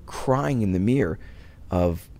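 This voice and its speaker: A middle-aged man from Wisconsin talks as an interview guest in a very low, gravelly voice. He rambles through his stories, restarting his sentences often, and grows softer when he turns to painful memories. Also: lively intonation, slow. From Wisconsin, USA. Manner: rambling, many restarts, turns soft when recalling loss. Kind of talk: casual interview conversation.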